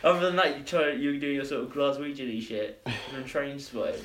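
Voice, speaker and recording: A man talks casually on a podcast with a dry, teasing edge, swearing freely. He sounds unhurried and at ease. A faint background noise runs under him. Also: mid-range voice, fairly bright tone. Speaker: podcast co-host. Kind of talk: casual chat.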